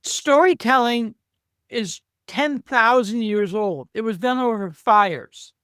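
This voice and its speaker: A man's voice: extremely high pitch, takes it slowly, a bit bright, clean tone, dry recording, studio quality. Curious Canadian man hosting an interview. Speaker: podcast host. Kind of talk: casual interview talk.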